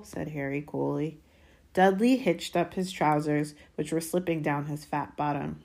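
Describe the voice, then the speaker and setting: Low-voiced woman reading a story aloud. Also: fairly even intonation, moderate pace, vocal fry, darkish tone. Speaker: audiobook reader. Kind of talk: reading a novel chapter aloud.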